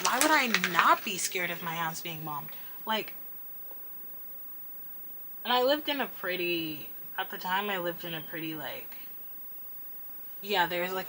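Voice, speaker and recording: A woman's voice: fairly low pitch, pushed and bright, slight background noise, rough recording. A young woman vlogger rambling candidly late at night, self-deprecating and swearing often as she vents.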